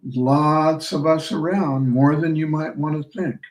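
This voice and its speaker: A man reading as a sharp-tongued young barmaid. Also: on the high side, steady tone, unhurried, natural voice. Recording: roomy sound from a distant mic.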